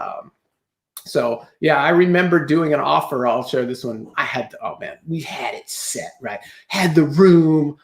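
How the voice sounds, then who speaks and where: Man, high voice, roomy echo, animated storyteller, podcast guest, quick bursts, rhetorical questions. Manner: animated storyteller who acts out his own past thoughts; fast bursts with rhetorical "right?" check-ins. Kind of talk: casual interview chat.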